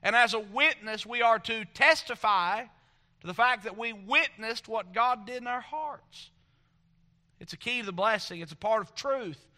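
A man preaching a sermon as pastor, reading scripture aloud and then explaining it with rhetorical questions, swinging between soft reflective lines and loud emphatic points. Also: very high voice, moderate pace.

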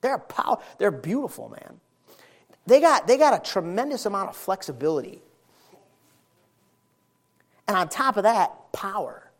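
A middle-aged man preaching a sermon, telling stories in a lively, folksy way and hammering points home with repetition. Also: high voice, measured pace, long pauses. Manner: animated, folksy storytelling with emphatic repetition.

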